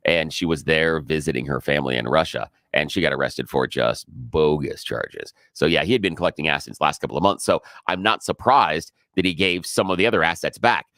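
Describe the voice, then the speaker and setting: Bardzo niski głos współprowadzącego radio. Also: male voice, extremely low pitch, brisk, few pauses, fairly bright tone, no echo, studio quality. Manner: supportive, frequent short affirmations, chuckling. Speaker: radio talk show co-host. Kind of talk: casual radio talk.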